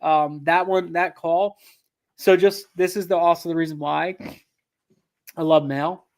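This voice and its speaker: Male guest, higher pitch, animated storyteller, loose and filler-heavy. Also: measured pace. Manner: animated, acts out quotes, frequent fillers and restarts. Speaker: land investor guest. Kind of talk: casual interview storytelling.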